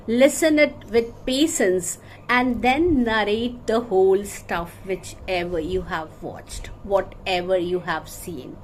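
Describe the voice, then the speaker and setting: A woman's voice: fairly high pitch, a little hiss or hum, poor audio. Earnest Indian woman teaching English. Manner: earnest, coaxing, addresses viewer directly. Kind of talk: spoken English lesson to camera.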